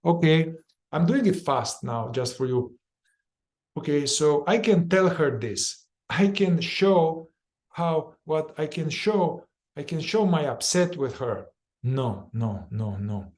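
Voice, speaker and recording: A man's voice: on the high side, animated, a little mellow. Man running a casual somatic group session. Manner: informal and repetitive, acts out inner voices with quick chanted phrases and swearing. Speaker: somatic therapy facilitator.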